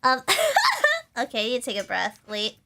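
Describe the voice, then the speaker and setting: A young woman VTuber chatting on a live stream, rambling without pausing and laughing often. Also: on the high side, wildly swooping pitch, creaky, pushed and bright. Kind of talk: casual live-stream chat.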